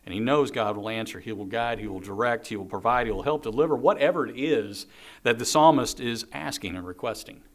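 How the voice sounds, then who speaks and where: A man's voice: medium pitch, brisk. A man preaching a sermon, reading scripture aloud and earnestly repeating key phrases. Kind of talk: sermon on a psalm.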